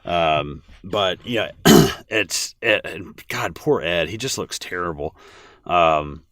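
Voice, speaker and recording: A man's voice: low voice, animated, slow pace, sharp tone, dry recording, clean studio sound. A man co-hosting a podcast, chatting casually about a film with lots of restarts and fillers. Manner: rambling with many restarts and fillers. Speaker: podcast co-host. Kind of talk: casual film commentary chat.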